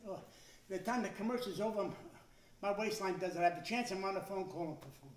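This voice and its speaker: Loud high-voiced older male stand-up comic. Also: fast. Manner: loud, animated, stammering restarts, shouted punchlines. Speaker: stand-up comedian. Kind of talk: stand-up comedy routine. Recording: echoey room, voice from some distance.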